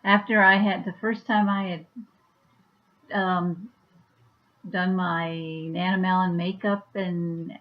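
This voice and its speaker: Woman, casual vlog, unhurried, rambling, slightly muffled lo-fi sound. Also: fairly low pitch. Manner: chatty, rambling, with fillers. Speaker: YouTuber and author. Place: at home.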